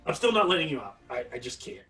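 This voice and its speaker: A man's voice: on the high side, very animated, quick pace. A man voicing a nervous, underpaid town guard in a tabletop game, pleading and hesitant, recorded a little away from the mic. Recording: voice somewhat far from the mic.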